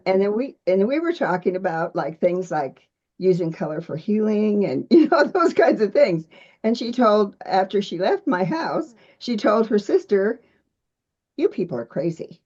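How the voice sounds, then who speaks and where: A woman's voice: mid-range voice, mellow. Rambling woman on a dull call. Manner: rambling, giggling between thoughts. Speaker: caller with a question. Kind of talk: casual chat.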